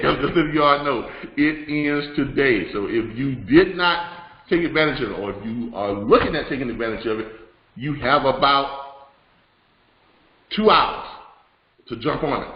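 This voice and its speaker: A man hosts a live online broadcast in a chatty, rambling manner, full of fillers and false starts. His voice sits at an ordinary pitch. The sound is roomy and a little dull. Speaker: host of a live business broadcast. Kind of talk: live-stream teaching and announcements.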